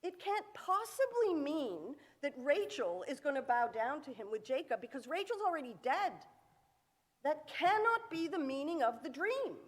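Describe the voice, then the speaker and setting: Her high voice has a sing-song lilt at normal speed as a woman preaches in an echoing synagogue sanctuary. The sermon unfolds as a story rich with dramatized quotes and rhetorical questions.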